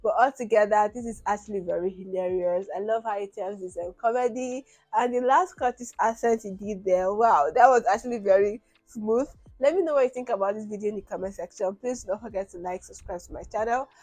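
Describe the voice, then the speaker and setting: A woman gives casual commentary for her reaction video, thinking aloud with plenty of fillers. Her voice is mid-pitched and recorded close and dry, with no room sound. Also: brisk, few pauses, a little mellow, dry recording, rough recording.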